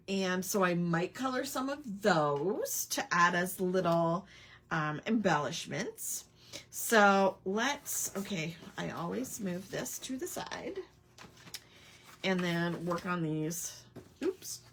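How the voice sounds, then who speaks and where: A woman's voice: on the low side, animated, takes it slowly, fairly bright tone, a little hiss or hum. A woman hosting a casual live crafting stream, rambling with lots of ums and chatting back to viewer comments. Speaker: crafting livestream host.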